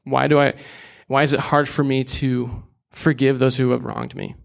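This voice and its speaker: A man's voice: mid-range voice, level tone, moderate pace, gravelly. A young man preaching a sermon in an earnest, candid way, with casual asides.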